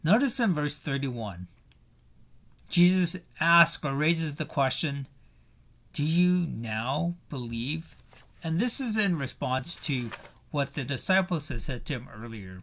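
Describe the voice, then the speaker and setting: A man's voice: mid-range voice, expressive, unhurried, fairly bright tone. A man preaching a sermon in a conversational way, thinking aloud with fillers and rhetorical questions. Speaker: pastor.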